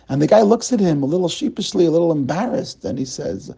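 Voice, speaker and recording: A man's voice: a little high, animated, fast, vocal fry, few pauses, mellow, breathy edge. A man telling a story as a sermon, dramatic and addressing his listeners as friends. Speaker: rabbi telling a weekly story.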